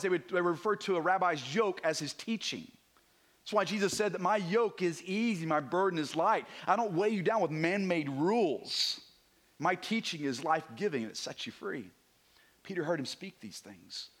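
High-voiced male pastor preaching. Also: lively intonation, normal speed. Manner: swings from hushed to emphatic, repeats words when building a point. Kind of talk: sermon.

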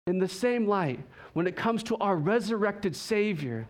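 Young male pastor, high voice, animated storytelling, acts out dialogue, self-mocking laughs. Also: measured pace. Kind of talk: sermon with personal story.

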